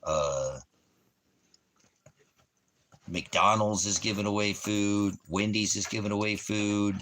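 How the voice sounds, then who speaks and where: A man's voice: lowish voice, fairly even intonation, slow, a bit bright, a little hiss or hum. A man vlogging in a loose, rambling way, full of ums and repeated phrases. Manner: loose, filler-heavy, repeats himself. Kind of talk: casual rambling chat.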